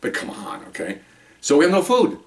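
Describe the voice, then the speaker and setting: An older man, a retired police officer, telling work stories in a rambling, digressive way, getting animated when he quotes people. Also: on the high side, fairly quick, distant mic. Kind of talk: casual storytelling monologue.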